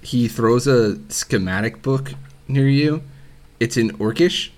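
A man's voice: medium pitch, takes it slowly, darkish tone. A man narrating as game master in a matter-of-fact way.

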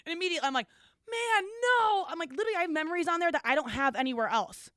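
Chatty woman podcast cohost, slightly high voice, acts out the quotes, dry close sound. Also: expressive, racing, a bit bright, no echo. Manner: storytelling, acts out quotes, laughs often. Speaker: podcast co-host. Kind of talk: casual chat.

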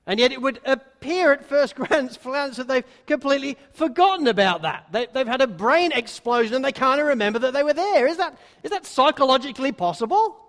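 A man preaching a sermon, now and then acting out the disciples' words in quick little voices. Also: extremely high pitch, lively intonation, a bit bright. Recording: long hall reverb.

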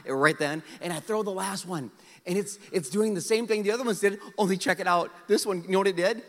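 A middle-aged man from South Dakota preaching a storytelling sermon, animated and self-mocking, acting out his own past lines. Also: high-pitched. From South Dakota, USA. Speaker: pastor. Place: large church auditorium. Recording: hall reverb.

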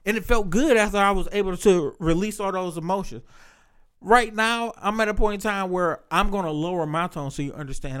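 Podcast host, male, high-pitched, talks candidly and profanely about his life. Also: brisk, fairly bright tone, clean tone. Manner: candid, profane, reflective storytelling. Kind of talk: casual podcast chat.

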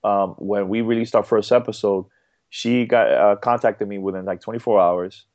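Podcast guest: man with a lowish voice, stop-start and chatty, on dull, dry audio. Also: fairly even intonation, darkish tone, dry recording. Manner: halting, repeats words, many fillers. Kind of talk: casual interview chat.

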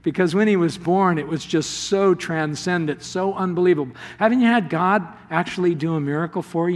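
A male pastor delivers a sermon with a slightly raised pitch, breaking into laughter as he acts out the story's voices. His words ring out through a large hall with a long reverb tail. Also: normal speed. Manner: animated, laughs often, plays the voices in the story.

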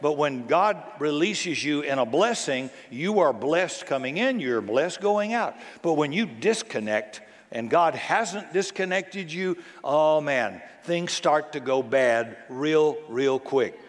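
Slightly high-voiced preacher in a reverberant church. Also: male voice, expressive, slow, hardly any pauses. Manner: conversational preaching with rhetorical questions to the congregation. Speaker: pastor. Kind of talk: sermon. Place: church sanctuary. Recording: long reverb of a large church.

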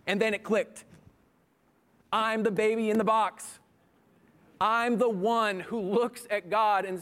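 Earnest male preacher, slightly high voice. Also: steady tone, slow pace, pauses often, fairly bright tone. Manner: earnest, rising to impassioned pleading. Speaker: pastor. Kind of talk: sermon.

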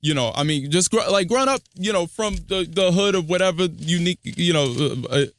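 A man's voice: high-pitched, animated, brisk, a bit bright. A man guesting on a podcast, talking loosely with many restarts. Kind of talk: casual podcast conversation.

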